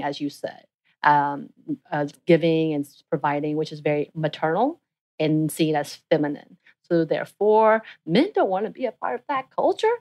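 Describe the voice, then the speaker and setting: Chatty woman in her late thirties. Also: sits low. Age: 30s. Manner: animated, thinking aloud with fillers. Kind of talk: casual podcast discussion.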